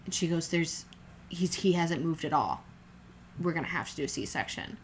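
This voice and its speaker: A woman's voice: low voice, expressive, normal speed, slight background noise. Candid young woman, rambling chat. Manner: candid and rambling, many fillers and restarts. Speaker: podcast co-host telling her birth story. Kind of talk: casual chat.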